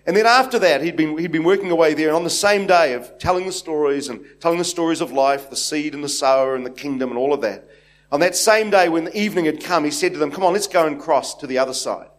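A man from New Zealand with a New Zealand accent, preaching with a slightly high-pitched voice. He tells stories in a loose, meandering way, circling back with fillers and restarts before settling into the scripture. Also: quick pace. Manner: rambling, anecdotal, many restarts and fillers. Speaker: pastor. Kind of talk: sermon. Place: church hall with congregation.

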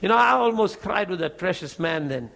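High-pitched male preacher, animated storyteller with frequent chuckles, sermon testimony. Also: brisk, creaky.

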